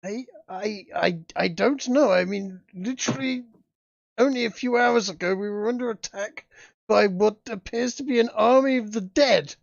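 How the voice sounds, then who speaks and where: A man's voice: high-pitched, moderate pace, gravelly, no room sound, pitched above the performer's own voice. A man voicing a flustered, posh male town governor who stammers in shaken, formal tones. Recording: dull lo-fi dry sound.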